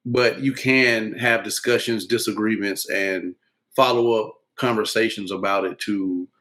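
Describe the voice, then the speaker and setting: Calm man giving measured advice. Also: on the low side, low-quality recording. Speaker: podcast guest, husband. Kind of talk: casual chat.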